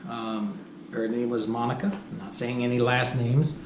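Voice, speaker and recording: A middle-aged man with a medium-pitched, level voice tells stories from his own life at a moderate pace. He rambles casually, full of fillers and restarts, chuckling along the way. The recording is roomy with a faint hum behind it.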